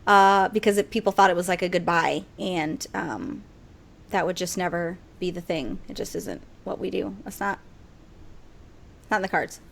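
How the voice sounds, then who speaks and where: A woman in her thirties co-hosting a casual chat podcast, telling stories in an animated way with swearing and sudden loud outbursts. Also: fairly low pitch, normal speed, vocal fry, a little hiss or hum. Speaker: podcast co-host.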